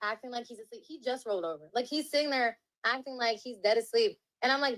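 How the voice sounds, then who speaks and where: A woman's voice: on the high side, fast talker, a bit bright, no echo, rough recording. A woman guest on a podcast, telling a story in a casual, profane, exasperated way. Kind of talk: interview storytelling.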